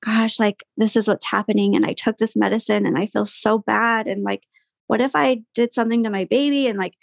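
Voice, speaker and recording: Young woman, guest, candid, sighing, gravelly, dry close sound. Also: mid-range voice, steady tone, a little fast, no room sound. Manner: candid, frequent "like" fillers, sighs. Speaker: guest sharing a personal story. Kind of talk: casual podcast conversation.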